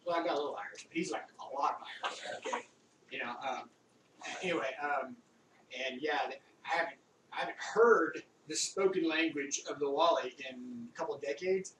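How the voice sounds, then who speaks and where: A middle-aged Army veteran rambling through old stories in a casual, profane monologue. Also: male voice, a little high, a bit bright. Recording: roomy, distant mic with faint background noise.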